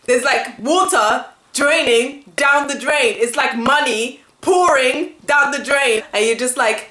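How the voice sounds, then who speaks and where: A woman's voice: high-pitched, slow pace, hardly any pauses. Exasperated woman ranting in an echoey room. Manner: animated, exasperated complaining with laughs and fillers. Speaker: vlogger. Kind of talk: casual ranting vlog to camera.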